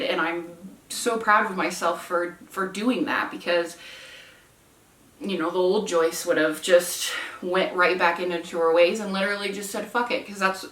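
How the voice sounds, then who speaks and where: A woman's voice: lowish voice, steady tone, unhurried, a bit bright. A woman in her twenties talking earnestly and openly in a personal home vlog. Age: 20s. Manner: earnest, heartfelt and self-reflective. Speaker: vlogger. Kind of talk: candid personal vlog chat. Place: room at home with candles lit. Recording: echoey room, mic at a distance.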